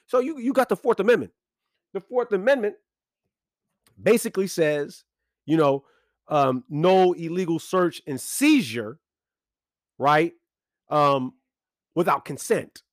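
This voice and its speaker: Casting: a high-voiced man who swings his pitch widely, speaking in a profane rant, close and dry. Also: a little slow, pauses often, dry recording. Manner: animated, profane, ranting with emphatic repetition. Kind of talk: profane monologue.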